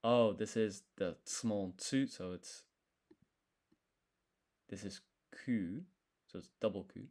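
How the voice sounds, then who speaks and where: A man with a lowish voice talks slowly through a solo study session on a live stream. He sounds out syllables one by one, pauses often, and corrects himself as he goes, close to a desk mic. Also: darkish tone. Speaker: language learner streaming his study.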